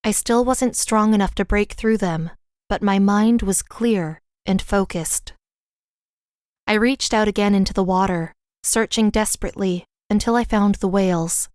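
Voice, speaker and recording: A woman narrating a fantasy audiobook in the first person, with a smooth, clear reading voice. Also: mid-range voice, a little slow, a little mellow, no room sound, clean studio sound.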